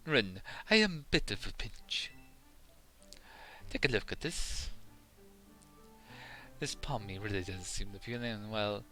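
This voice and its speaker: A man voicing an excitable, flustered young man with a put-on French accent, fretting and theatrical. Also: lowish voice, unhurried, pauses often, faint music behind. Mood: frantic.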